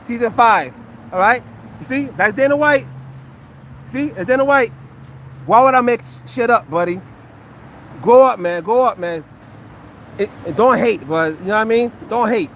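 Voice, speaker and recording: High-voiced man ranting sarcastically at chat. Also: moderate pace, pauses often, a bit bright, slight background noise. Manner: defensive, sarcastic and repetitive, addressing chat and a heckler. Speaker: livestreamer and former fighter. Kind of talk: casual livestream chat to viewers.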